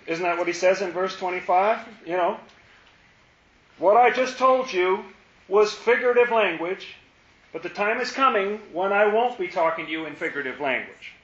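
A man teaching a Bible study, playful and animated, acting out the lines he quotes. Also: high voice, normal speed, a little hiss or hum. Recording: roomy, dull lo-fi.

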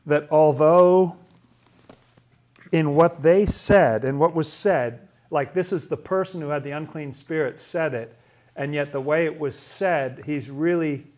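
Guy leading a bible study, kinda high voice, chatty, asks lots of questions, trips over his words. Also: darkish tone. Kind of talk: casual Bible study teaching.

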